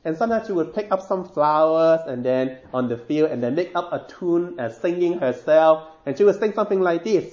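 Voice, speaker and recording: Hesitant high-voiced preacher in a roomy hall. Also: male voice, animated, normal speed, a little mellow. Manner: hesitant, many fillers and restarts, lifts his voice for quoted lines. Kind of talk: devotional talk retelling a saint's story. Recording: roomy, dull sound.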